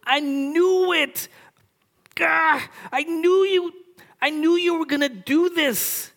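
A preacher acting out the prophet Jonah as a man shouting his furious complaints at God in a high, strained voice during a sermon. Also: very animated, slow. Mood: raging. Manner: shrill, shouting, raging complaint.

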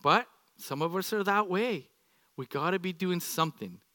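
Bright, high-voiced pastor preaching playfully. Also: male voice, normal speed, no room sound. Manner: animated, playful, acts out examples. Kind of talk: sermon. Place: church sanctuary.

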